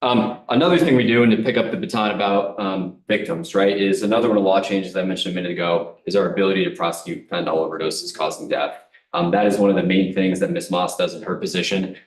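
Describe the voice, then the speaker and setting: A deep-voiced man from a prosecutor's office reports figures in a hurried, matter-of-fact way. He sounds set back from the microphone. The room adds a noticeable echo. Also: fairly even intonation, far from the mic. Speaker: prosecutor from a district attorney's office. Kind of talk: public presentation at a council meeting.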